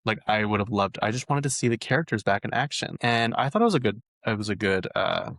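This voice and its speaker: A man chatting casually as a vlog host, gushing and excitable with lots of fillers. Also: fairly low pitch, fast talker, dry recording. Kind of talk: casual chat. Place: lives in Utah.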